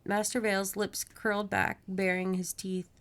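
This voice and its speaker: A woman hosts a podcast, reading a horror novel aloud at an even pace. Her narration is steady and plain, broken by friendly asides to her co-host. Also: mid-range voice, normal speed, a little hiss or hum.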